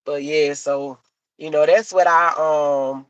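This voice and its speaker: A woman's voice: low-pitched, steady tone, takes it slowly, no room sound. A middle-aged woman chatting casually to her live-stream viewers, repeating herself and laughing easily. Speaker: live-stream content creator.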